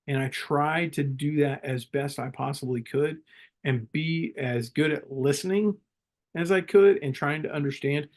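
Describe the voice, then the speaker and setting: A middle-aged man, a former Marine leader, telling stories in a calm and reflective way as a podcast guest. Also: fairly high pitch, unhurried. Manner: calm, reflective, laughs easily. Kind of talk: casual interview storytelling.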